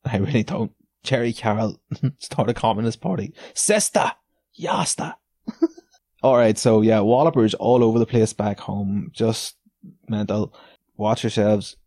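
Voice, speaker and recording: A man's voice: on the low side, fairly even intonation, a little slow, warm tone, no room sound. A man hosting a podcast, ranting in a casual, sardonic way, swearing a lot and laughing between lines. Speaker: podcast host. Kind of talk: casual solo rant.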